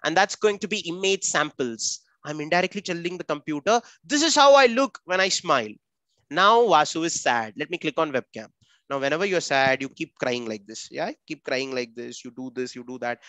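A man's voice: fairly high pitch, sharp tone, no room sound. A man with an Indian English accent teaching a live online coding class for children, upbeat and chatty, calling on students by name.

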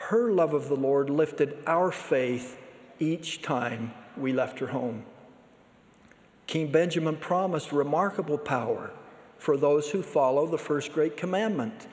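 A man giving a sermon as a church leader, speaking in a measured, earnest way. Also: on the high side, animated, a little mellow. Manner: measured, earnest preaching delivery. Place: large conference hall. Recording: long reverb of a large hall.

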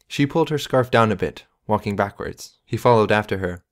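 A man reading an audiobook in measured, even scripted narration. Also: lowish voice.

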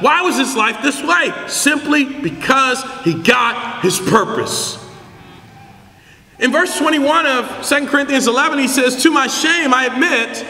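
A middle-aged male pastor preaching a sermon, telling stories with bursts of shouting. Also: extremely high pitch. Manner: animated storytelling, shouting for emphasis. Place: large church hall. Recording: echoey church hall.

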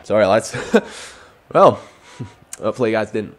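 Excitable man giving gameplay commentary. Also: on the low side, a little slow. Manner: excitable, keeps calling out to viewers as lads. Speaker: gaming YouTuber.

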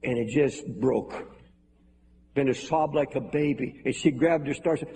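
A man's voice: a little high, moderate pace, long pauses, dark tone. An older man preaching a sermon to a large congregation, in an earnest, pleading manner. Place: large hall with balcony. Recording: echoey hall, faint noise.

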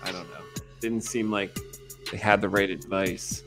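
A man on a comic-art livestream talking casually in halting bursts, with many filler words. His voice sits a little low, and soft music hums in the background. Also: fairly even intonation. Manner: halting, filler-heavy talk. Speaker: comic artist co-host.

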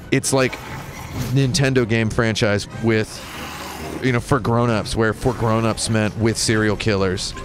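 Wry American male streamer, lowish voice, rambling mock rants over loud game music. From United States. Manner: wry, tangent-prone, mock-indignant rants. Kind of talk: rambling live-stream commentary. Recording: game music playing behind.

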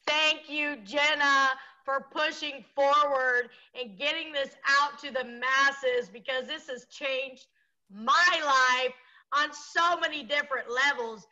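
A woman speaks up on a video call to give heartfelt thanks. Her voice is high and piercingly bright, and the sound comes through somewhat dull. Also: steady tone, slow pace. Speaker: team member.

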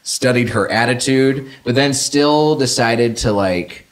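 A man's voice: medium pitch, slow. Man, podcast host, wry casual film chatter, loose and conversational. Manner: sarcastic, wry, talks with fillers and restarts.

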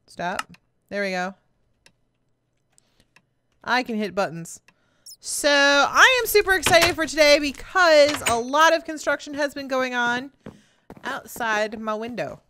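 A woman hosting a casual gameplay video, bubbly and excitable, chatting away to game characters and animals. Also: sits high, measured pace, long pauses. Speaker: let's play host. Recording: steady background noise.

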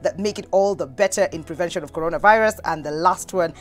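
A woman with a Kenyan accent hosting a lively TV talk show, reading out viewer messages and winners. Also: fairly low pitch, quick pace, soft background music. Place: TV studio.

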